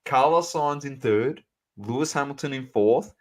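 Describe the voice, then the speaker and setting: A man co-hosting a sports podcast, chatting casually and animatedly, calling out to the audience as ladies and gentlemen. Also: mid-range voice, normal speed. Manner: animated, banter-heavy, addresses listeners as ladies and gentlemen. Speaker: podcast co-host.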